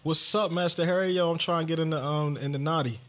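Animated, swearing man telling a story. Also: quick pace. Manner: animated, swearing, acts out his own lines in a high excited voice. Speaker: podcast host. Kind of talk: casual storytelling chat.

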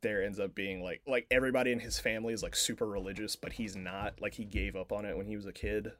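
A man's voice: on the low side, fairly even intonation, fast talker, a bit bright. A man co-hosting a podcast, casually retelling a film plot in a rambling way, full of filler words and swearing. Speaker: podcast co-host.

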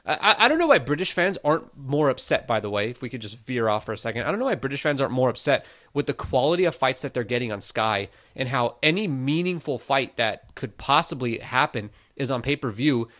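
A man co-hosting a casual sports podcast, talking in an opinionated, animated way with many "like" fillers. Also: medium pitch, a little fast, few pauses. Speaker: boxing podcast co-host. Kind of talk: casual conversational commentary.

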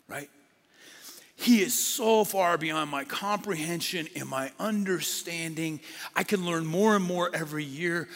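A middle-aged man, a pastor preaching a sermon, who moves between lively talk and hushed whispers for emphasis. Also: a little high. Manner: dynamic, drops to a whisper for emphasis. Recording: long hall reverb.

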